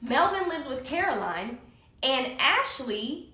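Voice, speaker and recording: A woman telling a story in casual conversation, animated and heated, swearing often, recorded in an echoey room. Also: fairly high pitch, normal speed. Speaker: guest storyteller.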